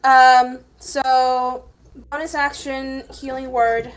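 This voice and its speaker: A woman's voice: sits high, little pitch movement, slow, a little hiss or hum, rough recording. A woman playing a tabletop game, hesitant and thinking aloud as she works out her spells. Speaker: player.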